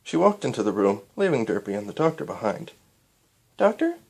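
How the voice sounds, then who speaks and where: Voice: medium pitch, sing-song, fast, gravelly, a little mellow. A reader of fan fiction, reading a story aloud in a casual way and correcting slips as they go. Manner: stumbles and corrects themselves.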